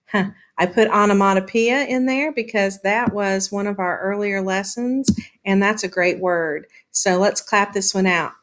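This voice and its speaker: A woman teacher talks through a lesson in a slow, unhurried way. She stretches out words as she sounds them out and says "um" often. Her voice sits at a middle pitch. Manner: slow, patient explaining with drawn-out sounding of words; frequent filler "um". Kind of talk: classroom lesson on syllables.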